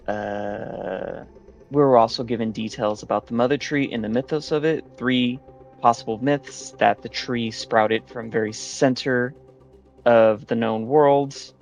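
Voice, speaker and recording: A man's voice: mid-range voice, creaky. A man casually recapping the last session of a tabletop game, rambling with many fillers and restarts.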